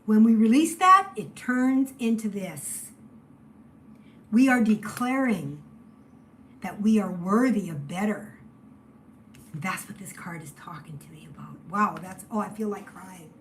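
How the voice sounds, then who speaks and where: A woman giving a spiritual tarot reading, emotional and shifting between loud exclamations and hushed near-whispers. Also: mid-range voice, animated, measured pace, pauses often, slight background noise, rough recording. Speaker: tarot reader.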